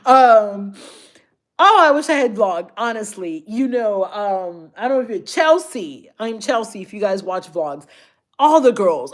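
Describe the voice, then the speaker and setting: A woman, a fashion YouTuber chatting casually and emotionally with her viewers on a live stream. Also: mid-range voice. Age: 30s.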